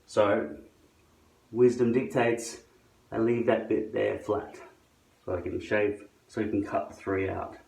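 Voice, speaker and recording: Low-ish voiced guy grumbling and swearing at his viewers, doing a hairpiece how-to, echoey room. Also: fairly even intonation, slow pace, creaky, long pauses, a little mellow, recorded from a distance. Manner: sardonic, profane, grumbling asides to viewers. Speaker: vlogger demonstrating a hairpiece. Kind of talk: casual how-to monologue to camera.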